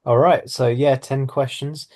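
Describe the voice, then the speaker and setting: A young Irish man co-hosting a casual podcast, who calmly explains and runs a guessing game. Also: mid-range voice, a little slow. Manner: relaxed, runs the quiz game. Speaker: podcast co-host.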